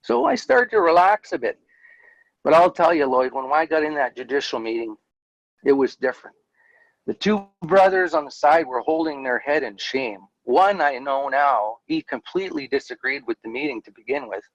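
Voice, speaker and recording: A man's voice: fairly high pitch, animated, normal speed, no room sound, dull audio. A middle-aged man, candidly telling his personal story as an interview guest, with frequent fillers.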